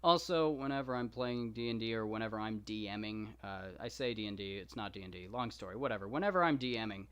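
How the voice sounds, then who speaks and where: A man's voice: lowish voice, fast talker, few pauses, a bit bright, smooth. Rambling Texan man chatting with viewers. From Texas. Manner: rambling, lots of fillers, self-deprecating asides. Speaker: podcast host reading the Iliad. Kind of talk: casual live-stream chat answering viewer questions.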